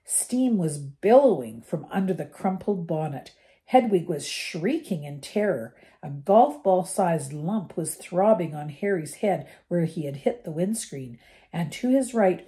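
An older woman reads a chapter book aloud for her grandchildren, her voice mellow and slightly low for a woman. She reads gently, now and then tripping on a word and starting it over. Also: animated, a little slow. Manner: gentle reading with small slips and restarts. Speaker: storybook reader for her grandchildren. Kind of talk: reading a novel aloud.

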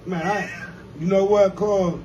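A man's voice: sits high, steady tone, slow, a little mellow, a little hiss or hum. A man ribbing a friend on a phone call in a teasing, mock-threatening way. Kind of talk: comedic phone banter.

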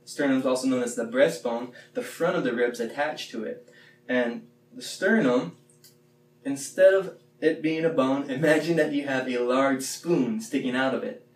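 A man leading a playful classroom warm-up, chanting the words slowly and loudly. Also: mid-range voice. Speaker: teacher leading a movement warm-up. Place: x-ray room. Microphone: phone camera from a distance. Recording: echoey room, mic far off, faint hum.

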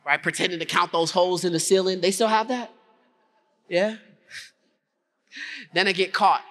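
A man's voice: high voice, normal speed. A man giving a motivational keynote to a conference audience, telling a story and acting out its scenes while asking the audience questions. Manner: animated, acts out scenes, asks the audience questions. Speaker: keynote speaker. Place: conference hall before an audience.

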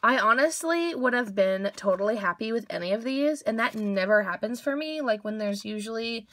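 A woman's voice: fairly high pitch, animated, moderate pace, fairly bright tone, no room sound. Gushing young woman unboxing toys. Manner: gushing, squeals and gasps over cute toys. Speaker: toy unboxing vlogger. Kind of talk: casual unboxing commentary.

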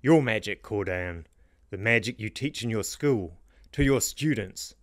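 A man voicing a cruel, heavy-set male king who shouts and snarls at his men. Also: lowish voice, lively intonation, measured pace, no room sound, studio quality. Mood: furious.

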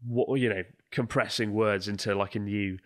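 A man's voice: fairly low pitch, steady tone, moderate pace. A man from England co-hosting a podcast in casual chat, joking and laughing with his co-host.

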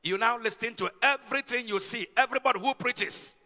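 A man's voice: very high voice, brisk, bright, forceful tone. A man preaching a sermon, emphatic and calling out questions to his congregation. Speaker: pastor. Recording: long hall reverb.

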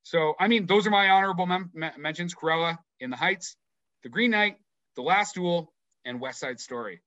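Animated, swearing podcast host. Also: male voice, high voice, moderate pace, no echo, dull audio. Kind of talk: casual chat.

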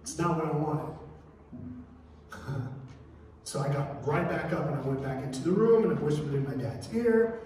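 A man's voice: a little high, moderate pace, pauses often, mellow, slight background noise. A man preaching a sermon as pastor, telling stories and acting out the voices of people in them. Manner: storytelling, acts out voices of people in the story. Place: church sanctuary. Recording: echoey church hall from far off.

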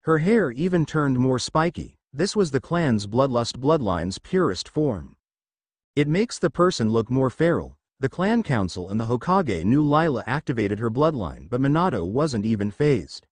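A man's voice: mid-range voice, big pitch swings, moderate pace, few pauses, no room sound. A man narrating a fan fiction story in a plain reading manner.

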